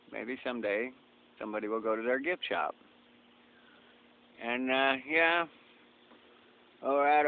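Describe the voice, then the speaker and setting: A man casually narrating a tour of a small town outdoors, in a rambling, folksy, wry way. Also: mid-range voice. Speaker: traveling vlogger. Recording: phone-like audio with light hum.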